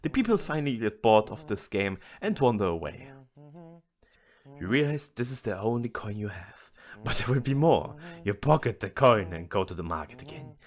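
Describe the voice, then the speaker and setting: A man reading an AI-generated adventure story aloud in a deadpan manner. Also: fairly low pitch, normal speed.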